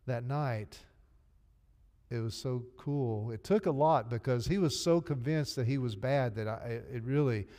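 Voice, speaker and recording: A male pastor delivers a sermon with earnest, emotional sincerity. His voice sits at an everyday middle pitch. The recording carries the long, lingering reverb of a church sanctuary. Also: dark tone. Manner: earnest, emotional storytelling preacher.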